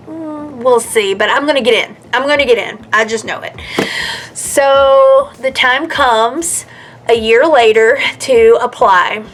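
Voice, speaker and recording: A woman's voice: on the high side, fairly bright tone, a little hiss or hum. A woman in her mid-thirties telling her own story in a chatty, earnest way, with many fillers and restarts. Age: 30s. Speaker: vlogger. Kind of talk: casual personal storytelling.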